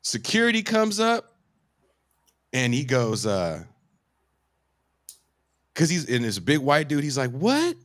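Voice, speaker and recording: A man's voice: medium pitch, sing-song, takes it slowly, pauses often, fairly bright tone, dry recording, studio quality. A man from the US West Coast telling a casual podcast anecdote, acting out quotes and swearing freely.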